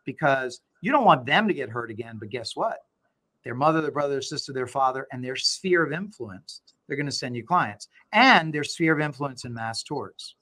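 A middle-aged man, a law firm owner, talking as an interview guest and telling stories with animated, acted-out dialogue. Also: mid-range voice, moderate pace. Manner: animated storyteller, acts out quoted dialogue. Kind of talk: conversational interview.

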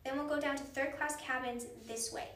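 A thoughtful young boy from a storybook lays out plans in an earnest, measured way, as a woman voices him while reading aloud. The sound is echoey and somewhat distant. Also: high voice, fairly even intonation, a bit bright, slight background noise.

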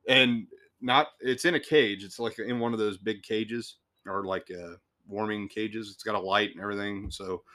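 A man's voice: lowish voice, fairly even intonation, moderate pace, sharp tone. A man hosting a podcast, telling a work story in a casual, rambling way with swearing, restarts and chuckles.

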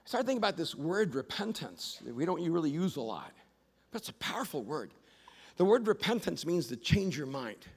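High-voiced animated pastor in a hall. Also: male voice, fairly quick, gravelly, breathy edge. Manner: animated storyteller, rising to shouts. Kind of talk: sermon. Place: church auditorium. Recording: long reverb of a large hall.

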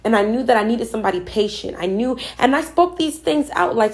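A woman's voice: a little high, expressive, fairly quick, hardly any pauses. A woman telling a personal story about manifesting and spiritual guidance in an earnest, emphatic, conversational way, often repeating herself for effect. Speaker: spiritual speaker.

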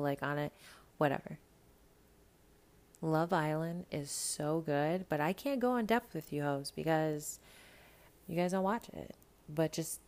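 Low-voiced, animated woman podcast host. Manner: animated, profane, talks straight to listeners. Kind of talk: casual chat.

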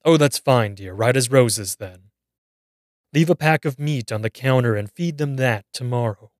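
A man voicing an older woman who scolds and keeps calling the listener dear, going from calm to shrill. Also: unhurried, no room sound, studio quality, natural voice.

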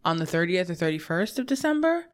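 A woman co-hosts a casual podcast. Her voice sits a little low, and braces give her speech a faint lisp. She tells stories with lots of laughter. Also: quick pace. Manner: laughs often, animated storytelling. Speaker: podcast co-host. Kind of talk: casual chat.

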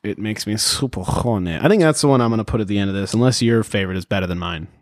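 A man's voice: lowish voice, quick pace, dry recording, studio quality. A man hosting a podcast in casual chat, joking around and swearing a lot. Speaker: podcast host. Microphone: podcast microphone.

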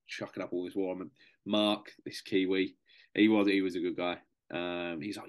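A young man with a very deep voice tells a story on a podcast. He is casual and matey, calls people "mate", and swears freely as he goes. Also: little pitch movement, normal speed. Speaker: podcast guest, serving soldier.

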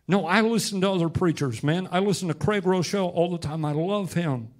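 A man's voice: high voice, a little fast. Impassioned male pastor preaching. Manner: impassioned, rising to loud emphatic peaks. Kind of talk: sermon.

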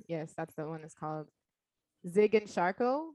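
A woman's voice: fairly low pitch, animated, normal speed, darkish tone, no echo. A young woman chatting casually with a friend, playful and teasing, her talk full of ums and likes. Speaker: friend in a chat. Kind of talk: casual chat.

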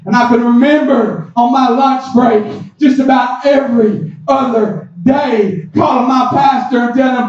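Preacher guy hollering his sermon, real high voice, booming echo from far off, kinda muffled. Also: fairly even intonation, unhurried. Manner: shouting, impassioned preaching with "amen"s. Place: church. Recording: echoey, distant, muffled hall mic.

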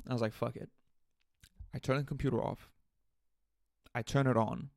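A man hosting a casual solo podcast, telling a story in an animated, venting way with swearing. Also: mid-range voice, normal speed, pauses often, dry recording, clean studio sound. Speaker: podcast host. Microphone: USB interface podcast mic.

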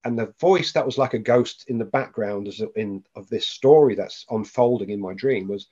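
A man's voice: lowish voice, normal speed, hardly any pauses, a little mellow, breathy edge, dull audio. A man, a podcast guest, tells a personal story with animation and acts out the voices of the people in it.

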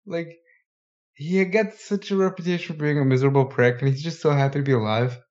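Slightly high male podcast co-host, eager and chatty, dull lo-fi sound. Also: a little fast, darkish tone. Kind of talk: casual wrestling chat.

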